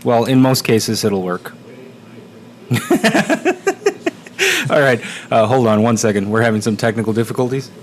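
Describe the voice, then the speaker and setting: A man's voice: fairly low pitch, steady tone, a little fast, hardly any pauses, slight background noise. A man co-hosting a podcast, talking casually in a small studio, rambling and laughing often with lots of fillers. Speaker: podcast co-host. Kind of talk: casual chat.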